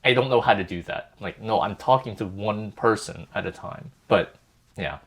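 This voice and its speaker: A man's voice: fairly low pitch, normal speed. A young man co-hosting a podcast, talking casually and rambling with many fillers and restarts. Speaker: podcast co-host. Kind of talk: casual group chat.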